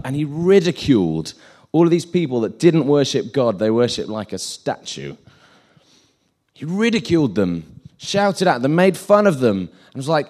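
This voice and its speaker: A man's voice: mid-range voice, big pitch swings, moderate pace, a little mellow. A man giving an informal sermon, chatty and self-deprecating, acting out the scenes he retells.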